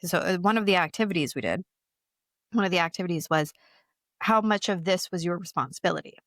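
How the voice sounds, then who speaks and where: A woman's voice: on the low side, lively intonation, fast talker, a bit bright, dry recording, studio quality. A woman speaking candidly in an interview, telling her own story openly and animatedly, often breaking into laughter. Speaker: guest.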